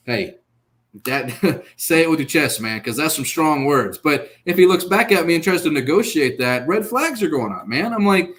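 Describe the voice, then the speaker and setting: Animated man recapping a reality show. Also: fairly high pitch, moderate pace. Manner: animated, acts out quotes, laughs. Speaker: podcast co-host. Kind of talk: casual recap chat. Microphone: online call.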